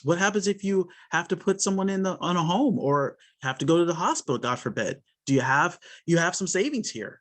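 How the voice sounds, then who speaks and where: A man's voice: a little high, fairly bright tone. A man leading an insurance sales training call, talking earnestly in a loose conversational way with many fillers and restarts, and acting out his talks with clients.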